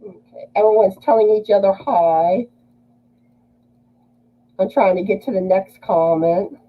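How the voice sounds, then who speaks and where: A woman's voice: mid-range voice, unhurried. Chatty livestream host, woman from Louisiana, muffled lo-fi audio. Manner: chatty, greets viewers and reads comments aloud. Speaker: livestream host reading viewer comments. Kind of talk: casual livestream chat.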